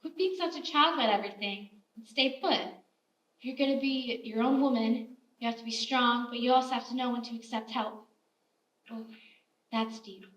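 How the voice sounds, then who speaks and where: A woman's voice: a little high, moderate pace, a bit bright, distant mic, dull audio, close to an everyday voice. A woman playing a chatty frontier baker. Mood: chatty scolding. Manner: motherly, scolding, chatty. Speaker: stage actor. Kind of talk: live stage play acting. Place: theater stage. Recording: roomy theater stage, heard from afar.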